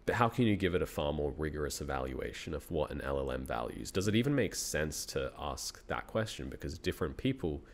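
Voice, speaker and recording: A man's voice: a bass voice, big pitch swings, brisk, creaky, hardly any pauses. A man in his thirties with an Australian accent, a university researcher talking as a guest in a casual interview, thinking aloud and laughing often.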